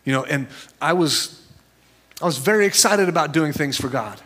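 A man preaching a sermon as a pastor, conversational and storytelling, jumping into high voices when he quotes people. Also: expressive, moderate pace, fairly bright tone, slight background noise.

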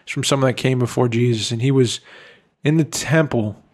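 A man's voice: medium pitch, a little fast. A young man co-hosting a podcast, talking casually and earnestly with lots of "like" and "bro". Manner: earnest, heartfelt, full of "like" and "bro". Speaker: podcast co-host. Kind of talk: casual chat.

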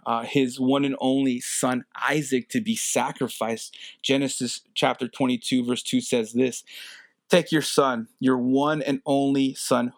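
A man's voice: mid-range voice, dry recording, studio quality. A man preaching a sermon in an earnest way, repeating key phrases and adding casual fillers. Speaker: pastor.

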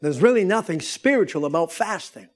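A man preaches to his congregation in a high voice, pushing his lines upward into shouts and calling for amens. He keeps his delivery fervent as he drives each point home. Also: lively intonation, brisk. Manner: preaching with rising, shouted emphasis and calls for amens. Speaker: pastor. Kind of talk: sermon.

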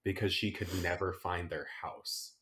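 A man co-hosting a podcast in casual chat, chatty and quick to laugh, often chiming in with short reactions. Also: sits low, steady tone, pushed and bright. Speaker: podcast co-host.

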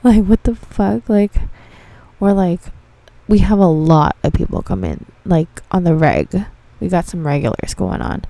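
A young woman with a very dark, mellow tone and a fairly low voice, recounting workplace stories in a loose, profane, laughing way. She sounds exasperated at her customers. The sound is dry and close, with no room around her. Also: sing-song, a little slow, gravelly, no echo. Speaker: dispensary receptionist. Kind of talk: casual storytelling monologue.

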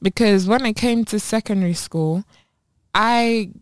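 A young British woman with a blunt, slangy manner, spinning animated stories as she co-hosts a casual chat with friends. Her voice sits at an everyday pitch for a woman and comes across close and dry, with no room sound around it. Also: unhurried, dry recording. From England. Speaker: podcast co-host.

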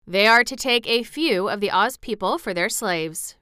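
A woman's voice: mid-range voice, normal speed, sharp tone, clear, resonant tone, no echo, studio quality, lightly acted. A woman voicing a boastful, scheming male gnome general in a storybook reading, with a proud, emphatic delivery.

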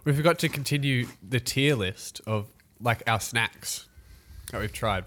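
A man's voice: mid-range voice, unhurried, a bit bright. A young man co-hosting a casual podcast, chatty and laughing, often trailing off mid-sentence. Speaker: podcast co-host.

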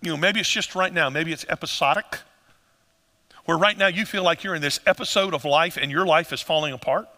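Male pastor, lively sermon delivery, high bright voice, long reverb of a church hall. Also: brisk. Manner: animated, acts out voices of people in the story.

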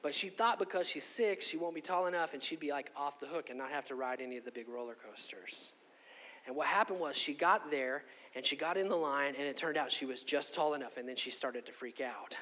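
A middle-aged man preaching a sermon and telling a personal story, conversational and animated, often asking "okay?". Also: a little high, fairly quick. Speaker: pastor. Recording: long hall reverb.

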